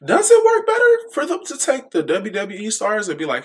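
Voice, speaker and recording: A young man reviewing wrestling shows in a casual, animated, playful and self-mocking way. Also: brisk. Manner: animated, playful, self-mocking, jumps to a high excited pitch. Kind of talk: casual chat.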